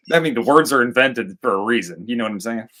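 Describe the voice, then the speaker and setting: A man's voice: medium pitch, a little hiss or hum. A man co-hosting a casual movie review, joking and acting out characters in silly voices. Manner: animated, jokey, acts out characters in silly voices. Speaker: co-host of a movie review show.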